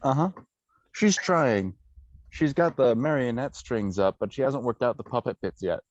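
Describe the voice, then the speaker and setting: A man's voice: medium pitch, animated, moderate pace, no echo, highs cut off. A man playing a trivia game, laid-back and joking. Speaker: quiz contestant. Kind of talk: casual chat on video call.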